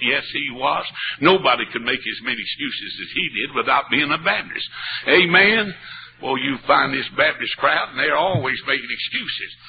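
Fervent preacher, tinny old recording. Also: male voice, medium pitch. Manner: fervent, swings between hushed storytelling and shouting. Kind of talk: revival sermon. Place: church. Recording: tinny narrow-band old recording with faint hiss.

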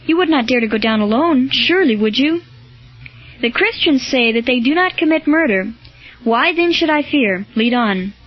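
A woman's voice: high voice, lively intonation, moderate pace, dull audio, soft background music. Woman reading as a firm Roman soldier. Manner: firm, solemn. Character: stern male Roman soldier, firm and determined.

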